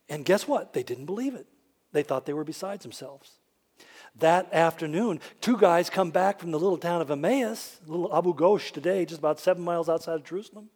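Male pastor, high voice, animated sermon storyteller with dry wit. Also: fairly quick, breathy edge. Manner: animated storyteller who acts out quoted voices with dry humor.

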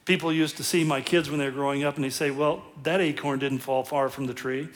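A man's voice: medium pitch, fairly even intonation, brisk. A middle-aged man preaching a sermon as pastor, conversational and self-deprecating, often chuckling at his own jokes.

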